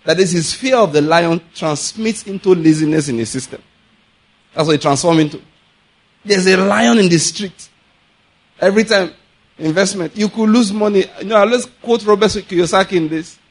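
A man with a Nigerian accent preaching a sermon, telling animated stories, laughing often and acting out the people he quotes. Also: high voice, brisk. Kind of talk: sermon with storytelling.

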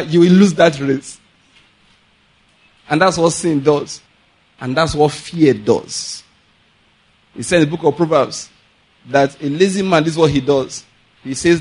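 A Nigerian-accented man preaches with lively storytelling, breaking into laughter and slipping into pidgin for the voices he acts out. His voice sits a little high for a man. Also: husky. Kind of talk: sermon with storytelling.

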